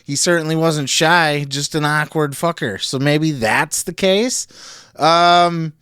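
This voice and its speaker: A man's voice: high-pitched, smooth, dry recording. Guy ranting about wrestling, swears a lot, laughs a bunch, dry close sound. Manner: profane, animated, laughs often. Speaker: wrestling show reviewer. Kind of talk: casual solo commentary.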